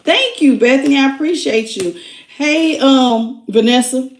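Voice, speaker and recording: A woman's voice: high voice, measured pace, roomy sound. A woman doing a casual tarot reading, chatting emotionally and greeting viewers by name as she goes. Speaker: tarot reader.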